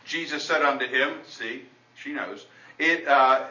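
Delivering a sermon, a man teaches from the Bible in a chatty style, stopping to start over and reading passages of scripture out loud. He speaks a little slowly in a medium-pitched, pushed, bright voice, captured roomy and dull by a faraway microphone.

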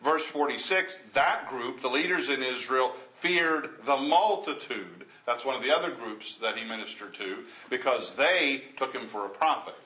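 A man's voice: mid-range voice, animated, normal speed, few pauses, bright, forceful tone. A man preaching a Bible-teaching sermon in a conversational way, with frequent restarts, reading scripture aloud in old formal wording. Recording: echoey, dull lo-fi room recording.

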